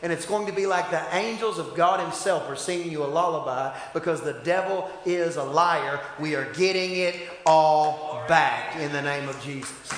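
A man preaching a sermon as pastor, leading call-and-response and swinging from shouted peaks to quiet asides. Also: on the high side, normal speed, hardly any pauses. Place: church sanctuary. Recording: echoey church hall.

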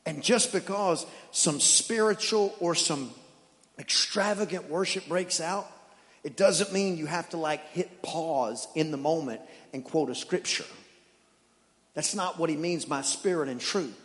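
Animated male pastor in a reverberant hall. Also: on the high side, unhurried. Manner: animated storytelling, playful then earnest. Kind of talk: sermon.

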